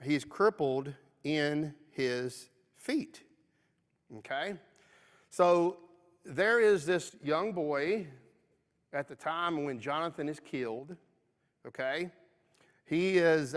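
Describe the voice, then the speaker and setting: West Kentucky man teaching a Bible class. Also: on the high side. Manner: conversational, frequent "okay?" check-ins. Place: church auditorium. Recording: long reverb of a church auditorium.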